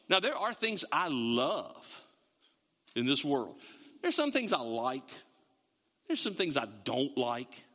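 A man preaching in a church, his high, lively voice swinging widely in pitch and ringing very bright. He jokes with the congregation, then drives his points home with emphatic bursts. The sound carries a long hall reverb. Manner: conversational, joking preacher with emphatic rises. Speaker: pastor. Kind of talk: sermon. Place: church sanctuary.

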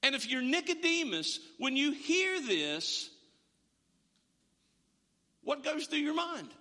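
A male pastor delivers a sermon with a very high, bright and forceful voice. He is emphatic and stacks repeated words as he drives each point home. The sound carries a long reverb from a large hall. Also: sing-song, takes it slowly.

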